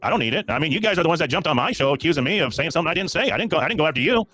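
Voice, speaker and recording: A man's voice: on the high side, expressive, very fast, bright, forceful tone, faint music behind. A man hosting a livestream, defending himself over and over in a heated call-in argument. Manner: defensive, repetitive, insistent. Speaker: livestream host.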